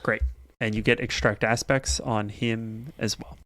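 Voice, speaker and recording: A man running a tabletop game as game master, narrating the scene in a calm, measured way. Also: lowish voice, no room sound, clean studio sound.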